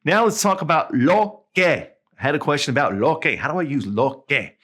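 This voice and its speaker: A male tutor talks through a language lesson with lively, animated intonation. He explains in a relaxed, chatty way. He slows right down to draw out each example word. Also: on the high side, breathy edge. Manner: relaxed, explanatory, drawing out Spanish words slowly. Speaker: Spanish tutor.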